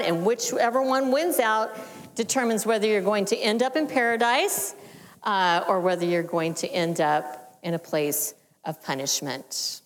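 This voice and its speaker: Woman, church teaching, measured and explanatory, soft falling phrase endings, long hall reverb. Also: mid-range voice. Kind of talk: sermon teaching.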